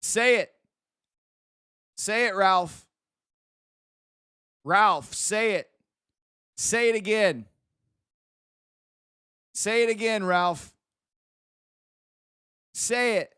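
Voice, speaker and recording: A man's voice: sits high, extremely slow, pauses often, pushed and bright, clear, resonant tone, no echo, studio quality. A man hosting a live stream, teasing and mock-scolding a viewer in casual chat banter. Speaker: livestream host.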